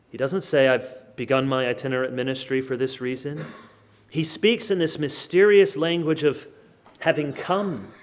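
Higher-voiced man preaching dramatically. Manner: rhetorical questions, dramatic shifts between loud and hushed. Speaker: pastor. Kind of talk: sermon.

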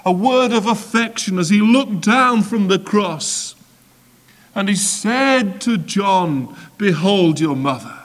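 With a high voice, this preacher delivers a sermon through a measured, repetitive build-up, his volume lurching dramatically from hushed to loud.

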